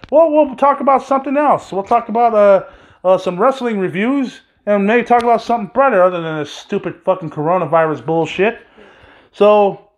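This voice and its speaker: High-voiced man in an angry profane rant. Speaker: podcast host. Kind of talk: solo podcast rant. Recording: dull lo-fi recording.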